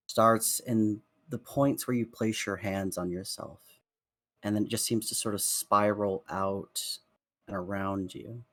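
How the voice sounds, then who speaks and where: A man narrating a tabletop game as dungeon master, in a hushed, drawn-out storytelling manner with soft fillers. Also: fairly low pitch, no room sound. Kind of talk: slow descriptive game narration.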